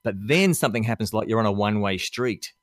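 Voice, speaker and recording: A man's voice: on the low side, quick pace, no room sound, clean studio sound. A man with an Australian accent, chatting as a podcast guest and telling stories with lots of laughs. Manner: animated storyteller who laughs often and acts out quotes. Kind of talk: casual chat.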